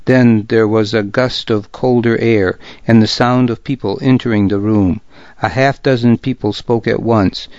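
A man reading a story aloud in the first person, steady and measured. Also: lowish voice, no room sound. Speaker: audiobook narrator. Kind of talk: scripted first-person narration. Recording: dull, muffled close recording.

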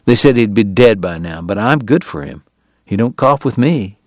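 A man voicing a devoted, clingy frontier saloon woman who coaxes softly and slips into French endearments. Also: on the low side, expressive, moderate pace, dry recording, natural voice. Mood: tender pleading. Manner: soft, pleading, dropping into French endearments.

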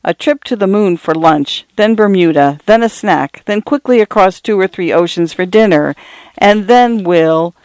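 A divorced father, playful and tender, teasing his little girls in an audiobook, as a male narrator reads him. The voice is smooth and a little high for a man. It is close and dry. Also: animated, moderate pace, a little mellow, no echo.

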